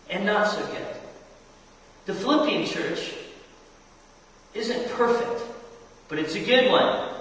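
A man's voice: high voice, a bit bright. A man pastor preaching a sermon, talking straight to the congregation and asking them questions. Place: church hall. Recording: echoey hall, distant mic.

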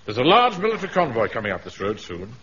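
An actor playing a pompous, self-important middle-aged captain in a radio sitcom, with a blustering, commanding manner. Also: male voice, mid-range voice, wildly swooping pitch, quick pace, pushed and bright. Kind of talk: 1970s radio sitcom acting. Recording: dull old radio recording with faint hiss.

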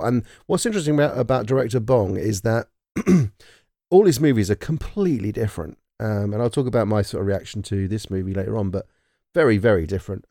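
A man's voice: on the low side, vocal fry, warm tone, no echo, clean studio sound. A man with a southern English accent co-hosting a film podcast, rambling with plenty of fillers and casual swearing. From England. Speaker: podcast co-host. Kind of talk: casual chat.

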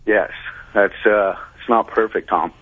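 Male caller, 20s, husky voice, phone line, rambling complainer. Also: lowish voice, fairly even intonation, measured pace. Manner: rambling, complaining, laughs often. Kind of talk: phone-in chat. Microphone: telephone. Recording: tinny phone line on radio.

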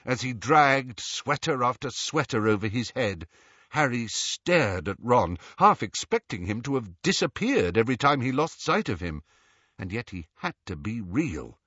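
A man narrating an audiobook in a slow, measured and dramatic way, with a husky voice and lively pitch. The recording is dry and a bit muffled. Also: no echo. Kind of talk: scripted narration.

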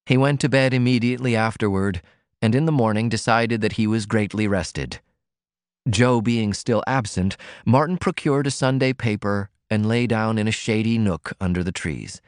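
An audiobook narrator reads a classic novel aloud in a measured, storytelling manner as scripted narration. His voice is on the low side, and the recording is dry with clean studio sound.

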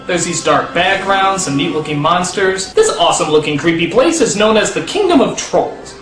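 A man giving a sarcastic, profane comedic film review with shouted outbursts. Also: sits high, wildly swooping pitch, brisk, hardly any pauses, echoey room, a little hiss or hum.

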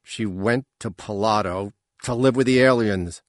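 Man doing a stern alien father, low voice. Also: unhurried, no echo, clean studio sound, natural voice. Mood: bitter. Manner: clipped, curt. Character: stern alien male father, proud, quick to anger.

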